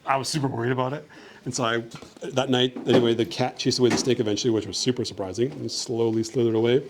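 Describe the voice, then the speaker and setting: A man's voice: medium pitch, steady tone, quick pace, background noise. A young man from Canada chatting casually with a school class about his travels, upbeat and friendly, with lots of "like" fillers. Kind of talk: casual talk and Q&A with children.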